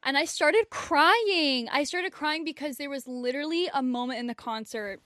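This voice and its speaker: A woman's voice: high-pitched, moderate pace, fairly bright tone, dry recording, clean studio sound. Emotional young woman co-hosting a podcast. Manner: emotional, earnest, heartfelt. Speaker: podcast co-host. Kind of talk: casual chat.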